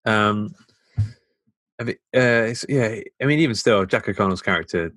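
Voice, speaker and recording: A young man with a Midlands accent co-hosting a casual film podcast, laid-back and quick to chuckle. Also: fairly low pitch, fairly bright tone, no room sound. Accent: English Midlands. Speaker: podcast co-host. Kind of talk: casual film review chat.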